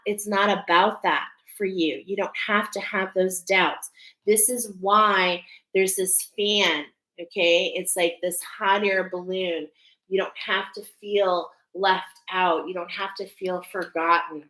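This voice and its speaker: A woman's voice: mid-range voice, fairly even intonation, slow, bright, forceful tone, roomy sound, rough recording. A woman giving a spiritual oracle card reading to her viewers, earnest and emphatic, often checking in with "okay?".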